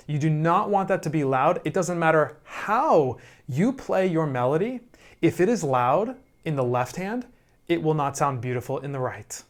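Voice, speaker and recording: Patient male piano instructor, slow and steady, talks at the piano between played passages. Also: a little high. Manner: calm, slow explaining with frequent "right?" checks. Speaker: piano teacher. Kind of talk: piano lesson explanation. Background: piano playing.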